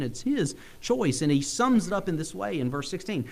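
A young male preacher, delivering a sermon. He is a bit sick, and his delivery swings in pitch and pace, with frequent chuckles. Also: big pitch swings, moderate pace, vocal fry, hardly any pauses. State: sick, using cough drops.

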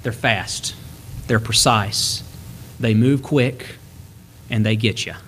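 A man preaching a sermon, reading scripture slowly and breaking into quick, folksy asides. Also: fairly low pitch, a bit bright, a little hiss or hum. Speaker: pastor.

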